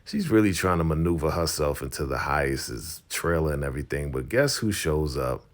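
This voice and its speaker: A man retelling a TV episode in a casual vlog, with animated, slangy storytelling. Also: extremely low pitch, moderate pace. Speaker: show recap host. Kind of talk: casual show recap vlog.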